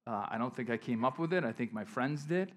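Conversational preacher with emphatic bursts. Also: male voice, medium pitch, expressive, brisk. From western New York. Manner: conversational storytelling preacher, swings from soft asides to emphatic bursts. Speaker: pastor. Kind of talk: sermon.

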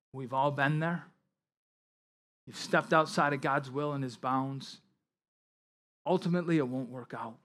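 A man preaching a sermon, reading scripture aloud and explaining it with emphatic asides. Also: on the high side. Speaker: pastor.

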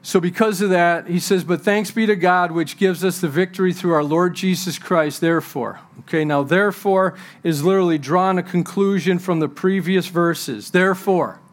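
A man's voice: sits high, steady tone, moderate pace, hardly any pauses. A pastor preaching a sermon to his church, quoting scripture and repeating key words for emphasis, with joking asides to the congregation.

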